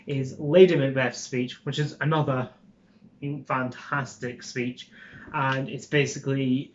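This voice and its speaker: A young Scottish man vlogs to camera, rambling informally with lots of ums and swearing. His voice sits at medium pitch, and the recording is muffled.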